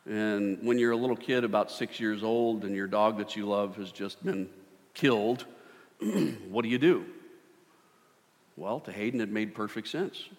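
A middle-aged man preaching a sermon, animated, swinging from loud bursts to hushed tones. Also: fairly low pitch, unhurried. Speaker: pastor. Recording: long hall reverb.

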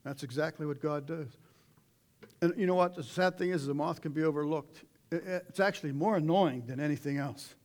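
Folksy preacher man, slightly high voice. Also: brisk. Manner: folksy, animated, with sudden shouted asides. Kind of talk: sermon.

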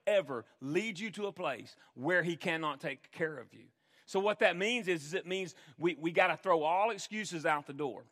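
A pastor preaches to his congregation in an earnest, emphatic way, circling back over phrases to drive them home. He is a man with a high, ringing voice. His words trail off into the long reverb of a large hall. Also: a bit bright. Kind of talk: sermon.

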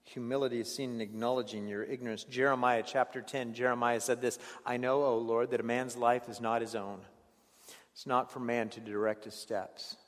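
A man preaching a sermon as a pastor, in an earnest way, often stumbling over repeated words and moving between hushed passages and raised ones. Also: mid-range voice, level tone, normal speed, in a large hall. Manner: earnest, stammering restarts, swings between hushed and raised delivery.

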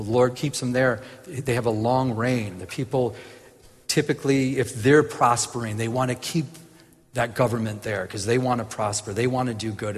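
Casual male Bible teacher, lively, stumbles and laughs, mid-pitch, echoing hall. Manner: animated, laughs at his own jokes, many restarts. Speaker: preacher.

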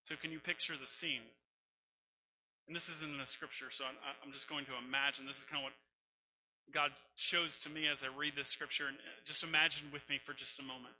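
Preacher guy, really bright voice, kinda high, storytelling sermon, faint hum behind. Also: fairly even intonation, fairly quick, poor audio. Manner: storytelling, emphatic, conversational. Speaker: pastor.

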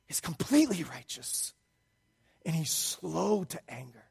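A man preaching a sermon as pastor, swinging from hushed pleading to loud shouted emphasis. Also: on the high side, very animated, moderate pace, vocal fry, husky.

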